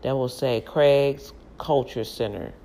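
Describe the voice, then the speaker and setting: A woman's voice: a bass voice, slow pace, warm tone. Chatty new lady vlogging from her kitchen, laughs at herself a lot. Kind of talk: casual storytelling vlog. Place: home kitchen, indoors.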